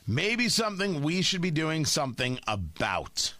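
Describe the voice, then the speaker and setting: Brief: sarcastic male radio host, bright and forceful, slightly high-pitched. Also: measured pace, few pauses, dry recording. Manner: sarcastic, mocking, animated. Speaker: radio talk show host. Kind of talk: talk radio monologue.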